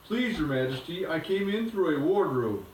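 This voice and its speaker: A man's voice: a little high, animated, moderate pace, lightly acted. A man reading a storybook aloud, voicing a frightened, polite young boy who answers timidly. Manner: timid and deferential. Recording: echoey room from a distance.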